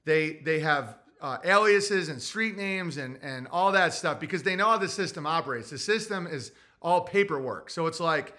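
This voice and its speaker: A man with a New Jersey accent holds forth in a loose podcast monologue. His voice sits high and sounds bright and forceful, and he keeps jumping into put-on voices to act out what others say. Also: normal speed, hardly any pauses. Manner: animated, acts out quotes in put-on voices. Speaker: podcast host. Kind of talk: casual monologue.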